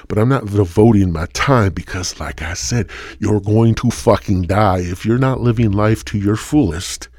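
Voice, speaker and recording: A man's voice: fairly low pitch, darkish tone, no room sound, studio quality. A man hosting his own podcast, rambling through a casual rant full of swearing and sardonic jokes. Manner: sardonic, joking asides. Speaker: podcast host.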